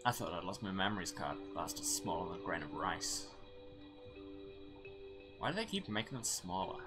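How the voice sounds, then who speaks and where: A man's voice: sits low, big pitch swings, moderate pace, over loud music. A man voicing a young male traveling photographer who rambles in a friendly, slightly anxious way. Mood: flustered.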